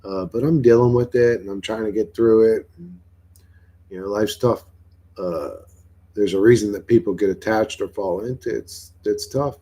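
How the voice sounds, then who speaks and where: A man's voice: on the low side, moderate pace, dark tone. Rambling, foul-mouthed man on a livestream. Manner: profane, blunt and rambling. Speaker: livestream host.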